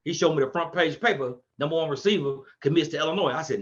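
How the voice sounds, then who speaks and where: A man's voice: a little high, fast, hardly any pauses, highs cut off. Man coach telling stories on a podcast. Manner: animated, acts out quotes in a raised voice. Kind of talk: casual storytelling chat.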